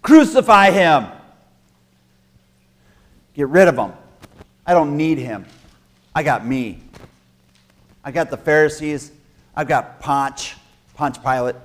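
A man voicing an excited crowd of men, shouting high-pitched exclamations. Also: slow, pauses often. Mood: scornful.

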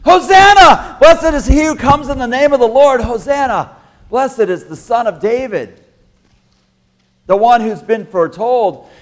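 A man voicing an excited crowd of men, shouting high-pitched exclamations. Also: slow pace, long pauses. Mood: jubilant.

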